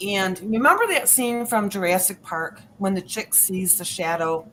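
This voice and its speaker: A woman guest on a paranormal podcast tells personal stories at a normal speed in a medium-pitched voice, with slight background noise. She's an animated storyteller who acts out quotes, voices and sounds along the way.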